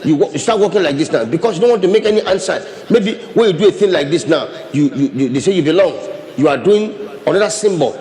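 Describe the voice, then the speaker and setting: Speaking fast and with warmth, a man whose voice sits on the high side preaches as a pastor. His delivery is animated, full of repeated and restarted phrases and hand demonstrations, and a long hall reverb surrounds him.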